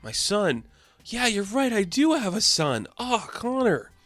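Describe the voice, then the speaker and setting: Stranded archer hero, whiny and exasperated; male reader puts it on: high and loud. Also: very animated, unhurried, no room sound, exaggerated voice.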